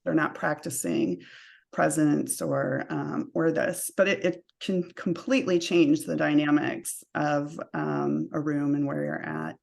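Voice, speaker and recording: A woman speaking as a coaching guest in a casual interview, talking in a relaxed way with many "you know" and "um" fillers. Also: sits low, measured pace, gravelly. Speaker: guest, energy and career coach.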